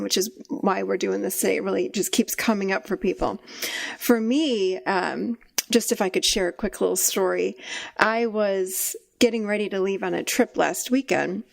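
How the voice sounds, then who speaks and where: A middle-aged woman hosting a podcast, telling stories in a lively way and laughing often, in a casual conversation. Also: mid-range voice, creaky. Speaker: podcast host and therapist.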